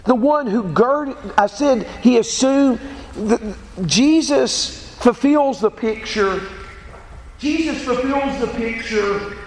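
A man's voice: very high voice, slow. A man preaching a sermon, speaking emphatically and quoting scripture aloud. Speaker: pastor. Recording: echoey hall with faint ambient noise.

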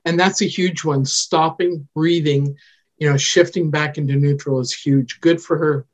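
A woman from Canada talks through parenting advice as a podcast guest. She explains earnestly and conversationally, often checking in with a quick "right?" or "you know". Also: sits low, steady tone. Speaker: child development specialist guest.

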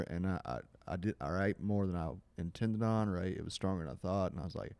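A man's voice: sits low, quick pace, hardly any pauses, no echo. A man in casual chat, joking and swearing, telling loose stories. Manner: animated, joking, swearing, gravelly.

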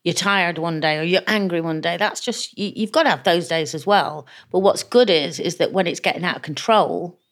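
A chatty woman talks openly as an interview guest, her voice sitting a little low. She brings stories to life by slipping into the voices of the people she quotes. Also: moderate pace, few pauses. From England. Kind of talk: candid interview conversation.

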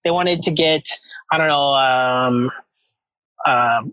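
A man speaking as a podcast guest, talking slowly and hesitantly with many pauses and restarts. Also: mid-range voice, pushed and bright, no echo, muffled recording. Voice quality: halting, hesitant, reflective. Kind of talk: casual chat.

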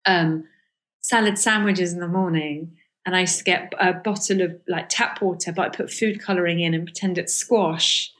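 A woman's voice: on the low side, steady tone, normal speed, fairly bright tone. A middle-aged woman comedian guest recalling school days in a candid, hesitant way, with many restarts. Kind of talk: reflective casual interview talk.

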